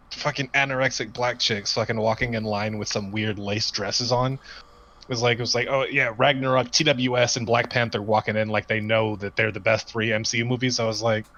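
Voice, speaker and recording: A man's voice: mid-range voice, steady tone, moderate pace, bright, forceful tone. A man co-hosting a casual podcast chat, rambling, swearing freely and laughing often. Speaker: podcast co-host. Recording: dull lo-fi sound.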